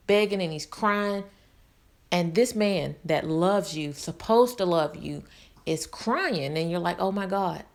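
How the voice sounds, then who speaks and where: Woman channel host, candid personal talk, earnest, repeats for emphasis, medium pitch.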